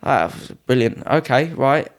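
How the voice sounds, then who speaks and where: At normal speed and medium pitch, a young man from the UK in his twenties tells casual anecdotes as a podcast guest. A Muay Thai fighter, he keeps things lively by acting out what others said in a raised voice.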